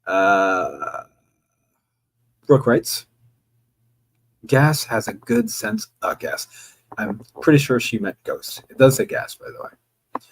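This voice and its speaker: A male streamer reads his viewers' chat messages out loud and answers them offhand, joking and cursing now and then. His pitch swings widely through the lines, and his voice has a rough, gravelly husk. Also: huge pitch swings, slow, pauses often, low-quality recording. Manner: casual, joking, with occasional swearing. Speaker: livestreamer. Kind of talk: reading viewer chat aloud on a livestream.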